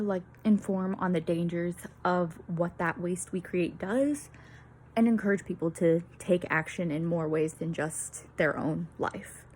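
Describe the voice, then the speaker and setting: A young woman gives a peer-teaching student presentation in a slightly rough, lowish voice. She sounds nervous and a bit out of breath, filling her talk with fillers and apologies.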